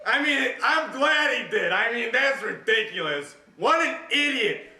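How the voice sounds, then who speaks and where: A man's voice: very high voice, lively intonation, a little slow, full character voice. A man playing a blunt, foul-mouthed young ex-friend in an amateur mockumentary interview, swearing and scoffing. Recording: echoey room with noise.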